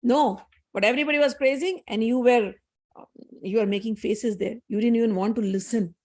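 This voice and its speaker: Goddess of knowledge, calm turned angry, scolding her husband, as a woman storyteller puts her on. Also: a little high, fairly quick. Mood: reproachful. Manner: reproachful, accusing.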